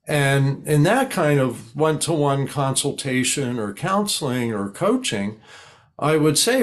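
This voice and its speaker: Older male expert guest, calm and explanatory, slips into sample dialogue. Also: medium pitch, takes it slowly. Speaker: guest expert on high-conflict people. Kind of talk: conversational interview.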